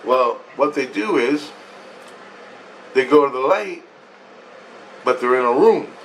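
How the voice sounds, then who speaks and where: A man recounts a strange dream in a loose, wandering way, full of casual swearing and repeated phrases. His voice sits at an ordinary middle pitch. He is set back from the microphone, with faint ambient noise underneath. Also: lively intonation, takes it slowly, far from the mic, rough recording. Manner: meandering, profane, repeats himself. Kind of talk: rambling first-person dream account.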